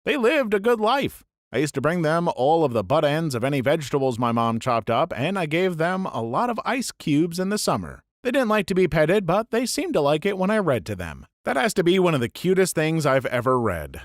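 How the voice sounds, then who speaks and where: A man narrating a string of short internet stories in an animated, upbeat manner. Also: fairly high pitch, a little fast, no echo, studio quality.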